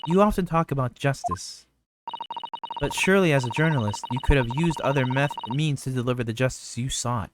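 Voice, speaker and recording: A man's voice: medium pitch, a little fast, background noise, close to an everyday voice. A man reading as a probing courtroom questioner. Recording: background game music.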